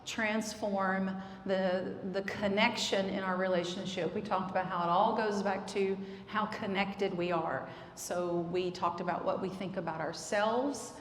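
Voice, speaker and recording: A woman's voice: mid-range voice, fairly even intonation, measured pace, few pauses, slight background noise. A woman giving an earnest, explanatory church talk on marriage, with frequent fillers. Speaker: marriage counselor. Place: church hall. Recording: echoey hall, faint ambience.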